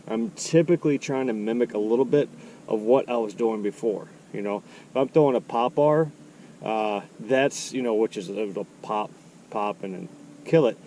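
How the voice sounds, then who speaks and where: A man giving casual fishing tips, explaining his approach step by step in a relaxed way. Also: mid-range voice, slight background noise. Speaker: angler.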